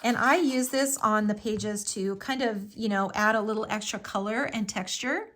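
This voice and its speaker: A woman's voice: mid-range voice, moderate pace, a bit bright. A woman hosting a live craft tutorial, talking through each step in a chatty, enthusiastic way with frequent fillers.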